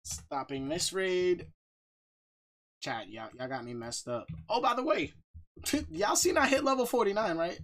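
A man streaming a game live, chatting casually, reading out viewer shout-outs, joking and laughing often. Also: high voice, measured pace. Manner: bursts of loud excited talk.

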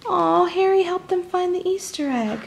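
A young woman reading a picture book aloud to children, with chatty, animated asides to her little listeners. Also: extremely high pitch, normal speed, creaky, slight background noise. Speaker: children's storybook reader.

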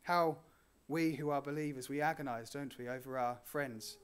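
A man preaching a sermon in an earnest way. He lifts his voice on key words and lets his lines fall soft and low at the ends. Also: steady tone, normal speed, clear, resonant tone. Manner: earnest, rising on key phrases and dropping softly at line ends.

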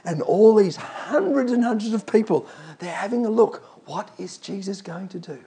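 A man's voice: high-pitched, normal speed, gravelly, dark tone, husky. A man preaching a sermon, emphatic and calling out to the congregation.

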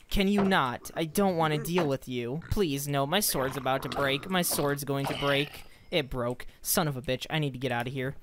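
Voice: medium pitch, a little hiss or hum. A young adult gaming host giving loose, profane running commentary while playing, talking back at the characters on screen. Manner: frustrated, swears freely, talks to game characters. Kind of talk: live gameplay commentary.

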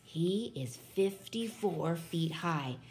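A woman voicing a big, gentle male giant who speaks slowly and softly with mangled grammar. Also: low-pitched, animated, soft background music. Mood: nervous hush. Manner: slow, soft and hushed.

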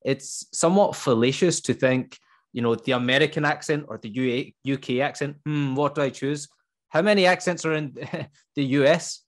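Scottish man from Glasgow, English teacher, animated and chatty, medium pitch. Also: moderate pace. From Scotland. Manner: lively, asks rhetorical questions. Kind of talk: casual conversation.

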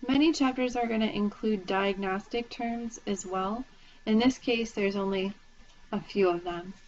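A woman's voice: mid-range voice, unhurried. A woman instructor giving a recorded lecture, patiently explaining terms and spelling them out letter by letter. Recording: dull lo-fi lecture recording with faint noise.

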